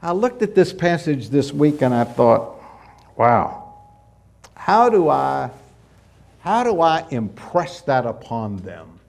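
A middle-aged male pastor preaching a sermon in a conversational way, asking rhetorical questions and dropping suddenly soft. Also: medium pitch, big pitch swings, takes it slowly, gravelly, long pauses.

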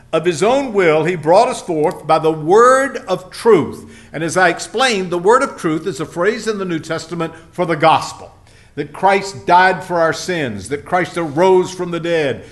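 A man's voice: a little high, a bit bright. A man preaching a sermon, telling folksy stories and acting out the people in them. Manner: folksy storytelling, acts out quoted voices. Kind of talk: sermon with anecdotes.

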